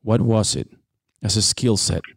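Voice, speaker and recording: A man's voice: fairly low pitch, a little slow, creaky, breathy edge, dry recording, clean studio sound. A man hosting a podcast, asking questions and reacting with short comments. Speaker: podcast host. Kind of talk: interview questions.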